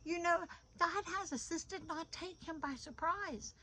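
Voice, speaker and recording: High-voiced woman giving an animated devotional. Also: unhurried, a little hiss or hum, poor audio. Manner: animated, repeats phrases for emphasis. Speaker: devotional host. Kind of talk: informal devotional talk. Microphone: phone.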